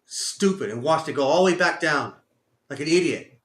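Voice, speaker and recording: A Texan-accented man talks through his trades live and curses himself over his mistakes, swinging from loud outbursts to low grumbling. His voice is fairly high and sharp-edged. The room around him gives it a noticeable echo. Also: lively intonation, normal speed. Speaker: day trader streaming live. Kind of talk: live trading commentary to himself. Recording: echoey room sound.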